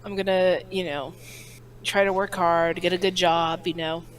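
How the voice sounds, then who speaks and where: A woman's voice: on the low side, flat delivery, moderate pace, poor audio. A woman chatting casually and jokingly on a game stream, rambling with lots of fillers. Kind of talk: casual chat over voice call.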